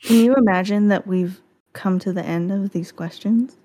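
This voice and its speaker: A woman's voice: medium pitch, moderate pace, mellow. A woman hosting a casual chat, playful and enthusiastic, swearing freely.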